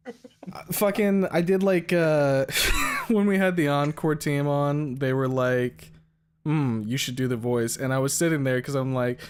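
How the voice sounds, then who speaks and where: This young man hosts a stream in a high-ish, steady, unhurried voice, with slight background noise. His casual chat is loose and full of swearing and filler words.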